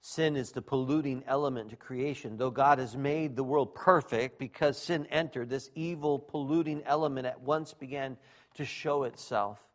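A middle-aged man preaching a sermon, emphatic, dropping to quiet asides and rising to shouts. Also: medium pitch, fairly even intonation, moderate pace. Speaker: pastor.

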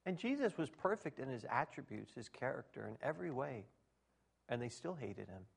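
A man's voice: medium pitch, big pitch swings, a little fast, gravelly, slightly rough. A middle-aged man preaching a conversational sermon, acting out quoted dialogue and laughing at his own jokes.

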